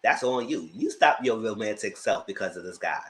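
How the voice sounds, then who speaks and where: A man recapping a TV episode in a casual review, chatty and animated, dropping sassy asides and laughing often. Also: lowish voice, normal speed. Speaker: TV recap YouTuber.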